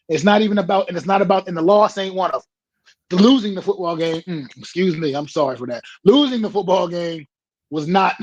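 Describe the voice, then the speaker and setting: A man co-hosting a sports talk show, ranting bluntly and profanely in a deliberate, emphatic way. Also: high voice. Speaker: co-host. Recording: dull lo-fi mic.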